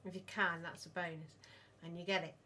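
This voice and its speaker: A middle-aged woman, co-hosting a casual podcast and telling long, animated stories. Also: lowish voice, brisk, a little hiss or hum. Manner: rambling, animated storyteller. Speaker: podcast co-host, mother of the other host. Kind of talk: casual chat.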